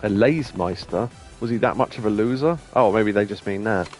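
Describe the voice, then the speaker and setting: A man with a lowish voice hosts a casual let's-play session, joking with a friend and reading the game's lines aloud. He laughs easily and keeps up a loose, playful chatter. Faint game music plays underneath. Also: fairly quick. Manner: chatty, jokey, reads game text aloud, laughs often. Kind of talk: casual gameplay commentary.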